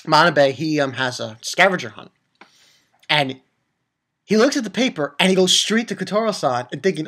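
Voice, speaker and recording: Rambling, excitable young man recapping anime. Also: a little high, moderate pace. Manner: rambling, excitable, swears and laughs often. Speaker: anime reviewer. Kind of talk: casual episode recap.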